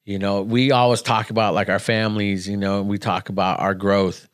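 A man's voice: lowish voice, flat delivery, a little fast, smooth, dry recording, studio quality. A man co-hosting a casual podcast, easygoing and dropping "man" and "dude" often. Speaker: podcast co-host.

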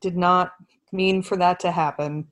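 A woman guest in a casual online chat, telling stories in a soft-spoken, self-deprecating way. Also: on the low side, fairly even intonation, unhurried.

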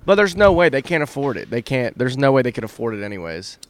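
A man's voice: mid-range voice, very animated, fast talker. A tipsy man co-hosting a casual hockey podcast, blunt and full of swearing. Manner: profane, blunt. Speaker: podcast co-host. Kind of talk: drunk casual hockey chat.

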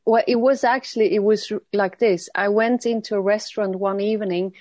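Mellow woman speaker, reflective and halting. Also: medium pitch, steady tone, no echo. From Switzerland. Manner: halting and reflective, with many restarts. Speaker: guest speaker. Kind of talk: conversational interview.

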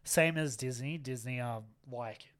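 Guy cohosting a chatty podcast, jokey, laughs a lot, average pitch. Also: a little slow, a bit bright. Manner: jokey, laughs often, tries silly accents. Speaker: podcast co-host. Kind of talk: casual chat.

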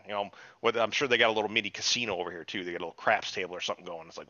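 Man, podcast co-host, casual profane chat, bright forceful voice, slightly dull lo-fi sound. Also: on the low side, very fast, no room sound. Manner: profane, rambling, animated retelling with put-on quotes. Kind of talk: casual chat recapping a TV episode.

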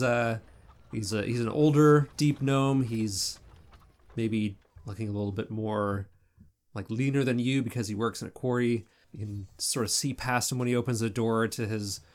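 A young man narrating a tabletop game as game master, relaxed and descriptive with casual fillers. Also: lowish voice.

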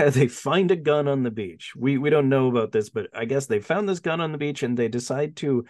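A man's voice: medium pitch, normal speed, darkish tone. A young man co-hosting a casual film podcast, laughing often and acting out characters' lines as he retells plots. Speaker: podcast co-host.

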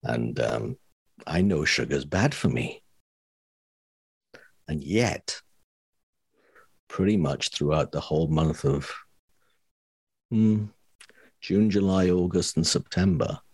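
Very deep, gravelly co-host with a lively swing, wry and rambling. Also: male voice, takes it slowly, pauses often, no echo, clean studio sound. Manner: rambling, self-mocking, wry. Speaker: podcast co-host. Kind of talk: casual chat.

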